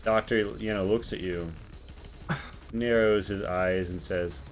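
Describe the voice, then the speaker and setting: A man narrating a tabletop role-playing game as game master, relaxed with many fillers. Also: low voice, measured pace, faint music behind.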